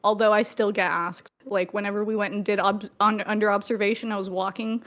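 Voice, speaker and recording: Animated, swearing woman telling game stories. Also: medium pitch, a little fast. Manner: animated storyteller, swears freely. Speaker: podcast co-host. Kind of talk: casual gaming chat.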